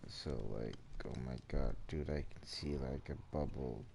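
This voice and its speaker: A sleepy young man streaming a game, chatting to his viewers in a drowsy, drawling monotone with lots of "like" and "dude". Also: very deep voice, measured pace, vocal fry, slight background noise. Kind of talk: casual live-stream chat while gaming.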